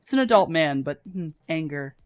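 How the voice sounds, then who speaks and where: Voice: mid-range voice, lively intonation, normal speed, dry recording, soft background music. A game master narrating a live tabletop game in a casual, swearing, filler-heavy way.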